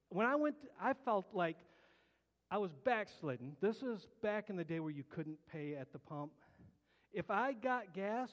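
A man's voice: high-pitched, dull audio. A man preaching his personal testimony in earnest, colloquial storytelling, often restarting his words. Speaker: pastor. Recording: long hall reverb.

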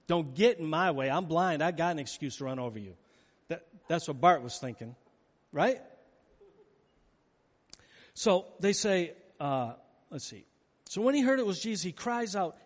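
A man with a high voice delivers a sermon in a large hall, and the long reverb trails after his words. He tells the story with animation, acting out the scenes as he goes. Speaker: pastor.

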